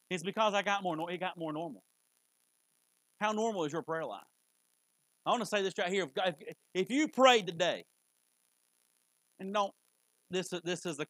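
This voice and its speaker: Folksy preacher, high voice. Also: male voice, no room sound, rough recording. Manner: folksy, conversational preaching with sudden loud bursts. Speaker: pastor. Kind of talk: sermon. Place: church sanctuary.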